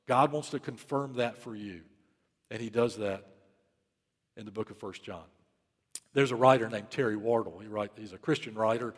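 Emphatic preacher in an echoing church. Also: male voice, medium pitch. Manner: urgent, emphatic, repeats key phrases. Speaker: pastor. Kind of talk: sermon with storytelling.

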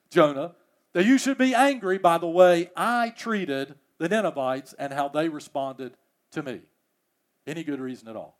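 A male pastor delivering a sermon, pressing his points with repeated rhetorical questions. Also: sits high. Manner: emphatic, repeats key phrases as rhetorical questions.

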